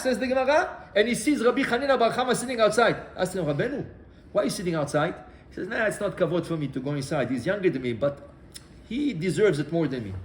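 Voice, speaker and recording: Rabbi w telling a gemara story, slightly high voice, echoey room w faint background noise. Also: male voice. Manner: animated storyteller acting out dialogue, many restarts. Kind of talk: Torah class storytelling.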